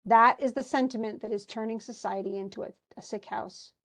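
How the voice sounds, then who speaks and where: Her voice sits a little high with fairly even intonation and some vocal fry, and she moves at a slightly quick pace. She's a literature teacher working through a play, reading lines aloud and breaking off in a relaxed, conversational way to unpack what the characters are saying.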